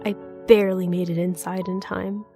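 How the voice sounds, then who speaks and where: A woman voicing a gruff old southern recluse. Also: lowish voice, level tone, moderate pace, dark tone, faint music behind, close to an everyday voice. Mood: stern. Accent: American Southern. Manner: stern, ominous, curt.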